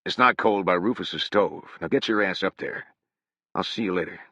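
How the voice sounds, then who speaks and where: A man's voice: deep voice, moderate pace, pushed and bright, no echo, heavily acted. A man voicing a blunt, plainspoken young man in a slightly raised voice, for an audiobook. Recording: dull, dry sound.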